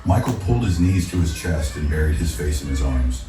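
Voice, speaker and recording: A man narrating a scripted story in a steady, dramatic way. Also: rumbling low, a little fast. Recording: echoey, distant, faint music.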